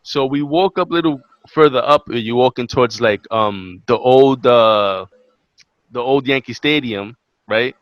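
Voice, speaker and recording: A man's voice: medium pitch, measured pace, no room sound, dull audio. Profane young New man telling a story. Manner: animated, profane, acts out quotes. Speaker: podcast co-host. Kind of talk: casual storytelling chat.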